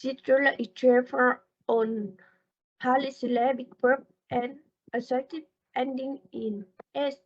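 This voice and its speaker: A woman with a high voice reads a class presentation on word stress. She goes slowly and carefully, halting between phrases. The recording sounds dull and lo-fi. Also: flat delivery, slightly rough. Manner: slow, careful reading with halting pauses. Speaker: student presenter.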